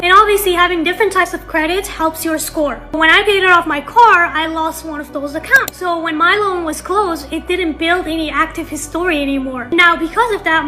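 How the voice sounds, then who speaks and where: A woman's voice: extremely high pitch, pushed and bright. A woman in her twenties explaining her experience in an earnest, reassuring vlog. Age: 20s.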